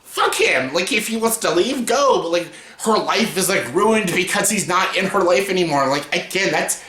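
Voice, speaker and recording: Exasperated young man ranting, bright voice. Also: high-pitched, expressive, normal speed. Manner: exasperated, mocking, swears a lot, breaks into laughter. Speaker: YouTuber reviewing films. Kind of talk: casual ranting review. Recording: echoey room.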